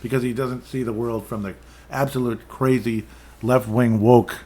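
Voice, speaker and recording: A man's voice: medium pitch, fairly even intonation, moderate pace, a little mellow. A man hosting his own podcast alone, giving loose, rambling commentary on headlines and chat comments, often stumbling, restarting and dropping sarcastic asides. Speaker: podcast host.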